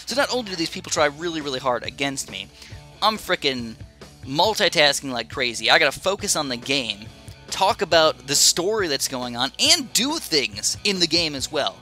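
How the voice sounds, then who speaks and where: A young man telling a rambling, excitable story while playing a video game, full of fillers. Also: fairly high pitch, normal speed. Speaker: gaming YouTuber. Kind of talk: casual storytelling over gameplay. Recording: game music behind voice.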